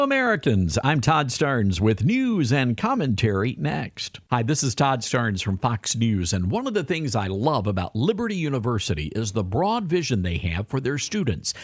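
A man's voice: medium pitch, slightly rough, no room sound, studio quality. A man delivering news commentary and a read sponsor message on the radio, telling a story in a wry way.

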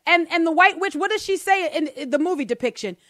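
A woman's voice: very high-pitched, expressive, fast talker, a bit bright, no room sound, clean studio sound. A middle-aged woman hosting a talk show, chatting casually and animatedly, laughing and slipping into mock voices for her jokes. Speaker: podcast host. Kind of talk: casual commentary.

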